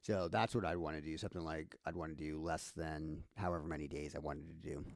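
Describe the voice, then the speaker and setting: This instructor speaks in a rumbling low voice with vocal fry, fairly even intonation, and a brisk pace while he thinks aloud through a casual screen-share tutorial full of fillers and restarts. The studio-clean audio has no echo.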